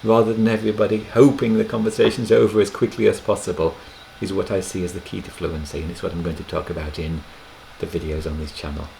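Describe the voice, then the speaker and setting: A low-voiced man teaches a lesson to camera, taking his time and pausing gently between phrases. His voice has a gravelly edge. A webcam microphone picks him up with a faint hiss behind. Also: little pitch movement, poor audio. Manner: slow, unhurried explaining with gentle pauses. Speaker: language teacher.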